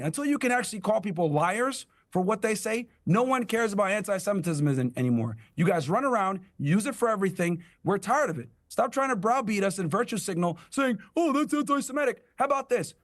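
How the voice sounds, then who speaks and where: Young man with a high voice, combative debate guest, sarcastic. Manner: blunt, mocking, sarcastic quoting.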